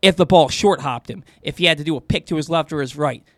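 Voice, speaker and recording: Excitable high-voiced man talking sports. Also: fast talker, dry recording, clean studio sound. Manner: animated, excitable, stumbles and repeats words. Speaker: sports radio co-host. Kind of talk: casual sports talk.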